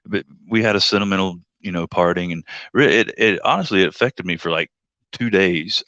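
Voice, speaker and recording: Deep-voiced rambling male livestreamer. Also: brisk, fairly bright tone, no room sound, lo-fi sound. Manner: rambling, joking, acts out quoted voices. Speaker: livestream host and rideshare driver. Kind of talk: casual livestream storytelling.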